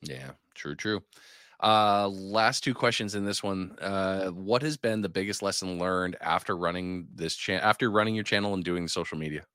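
Male podcast host, low voice, blunt and teasing, dry close sound. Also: normal speed, pushed and bright, smooth, dry recording. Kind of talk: casual interview chat.

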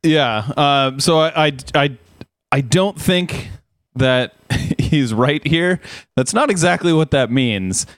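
A man's voice: a little high, lively intonation, takes it slowly, smooth, no echo, clean studio sound. A man co-hosting a podcast, chatting wryly and laughing while sketching joking scenarios. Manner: wry, laughing, tells mock scenarios. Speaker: podcast co-host. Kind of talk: casual reaction chat.

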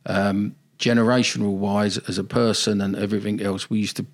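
A man's voice: on the low side, flat delivery, a little fast. An older man, a football manager telling rambling, nostalgic stories in a casual interview.

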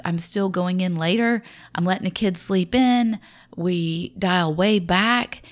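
A woman with a Southern drawl speaks in a slightly low voice, chatting folksily about faith and parenting as if to friends. Her delivery is conversational and reflective, a relaxed devotional talk rather than a polished sermon. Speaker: Christian mother sharing parenting devotional.

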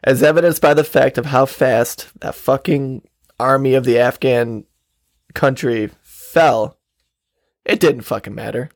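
A man's voice: mid-range voice, unhurried, creaky, no echo, clean studio sound. A man co-hosting a podcast, chatting casually, sarcastic and swearing freely. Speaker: podcast co-host. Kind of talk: casual chat.

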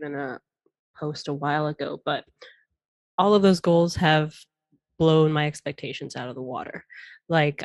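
A woman in her thirties, a podcast guest, talking in a chatty, animated way and laughing often. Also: sits low, no room sound. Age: 30s. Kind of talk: casual interview chat.

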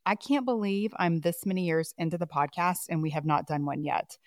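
A woman's voice: fairly low pitch, fairly quick, no echo. A woman hosting a podcast, upbeat and enthusiastic, speaking into a close studio mic. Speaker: podcast host. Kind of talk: lively scripted podcast hosting.

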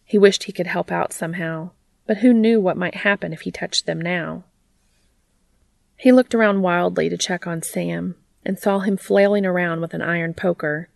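A woman reading fiction aloud as a narrator, in a steady, even way. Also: on the low side, moderate pace, vocal fry, no room sound. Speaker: audiobook reader.

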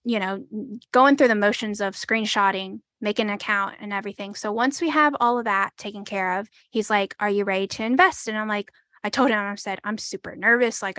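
Speaking at medium pitch with a slightly bright tone and no echo, a twenty-something woman shares her story in an interview. She's hesitant, says "like" often, and acts out quoted dialogue as she tells it.

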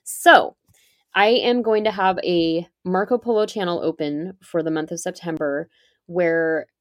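A woman's voice: on the low side, fairly even intonation, a little slow, no echo, clean studio sound. A woman on a podcast, explaining emergency preparedness step by step in an upbeat, chatty way. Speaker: podcast guest, preparedness expert. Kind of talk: casual podcast conversation.

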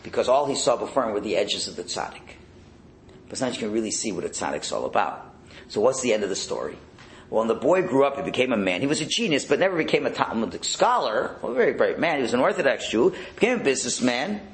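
A man teaching a Torah lesson as a sermon, telling stories in an animated way and acting out the voices in them. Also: medium pitch, fast talker, vocal fry, a little hiss or hum, poor audio. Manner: animated storyteller, acts out the voices in his tales. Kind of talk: storytelling sermon.

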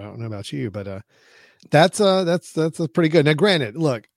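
A man's voice: on the high side, big pitch swings, a little fast, dry recording, studio quality. A man co-hosting a casual tech chat, rambling with many restarts and laughing easily. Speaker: co-host.

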